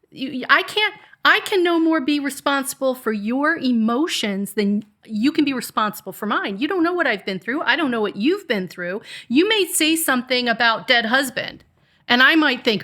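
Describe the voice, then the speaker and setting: Middle-aged woman, bright sharp tone, emphatic advice-giving podcast co-host. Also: sits high, expressive, moderate pace. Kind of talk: casual podcast chat.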